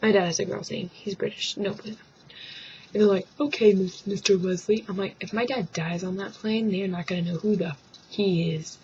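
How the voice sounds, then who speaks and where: This woman's comic webcam rant from home comes in a mid-range, darkish voice at normal speed with fairly even intonation. She rambles, does mock voices and drops into whispers, and the dull lo-fi webcam audio carries slight background noise.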